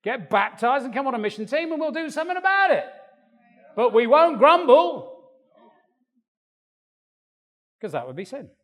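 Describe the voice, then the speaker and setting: An older man preaching a sermon in a church, animated and acting out quoted voices. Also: very high voice, fast talker, few pauses. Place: church hall. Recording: long reverb of a church hall.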